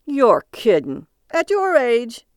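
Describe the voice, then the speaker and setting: A woman voicing a brash, talkative middle-aged male cab driver who needles his passenger in a loud, sing-song way. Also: a little high, wildly swooping pitch, slow, clean tone, no echo, clean studio sound, pitched above the performer's own voice, full character voice. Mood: needling.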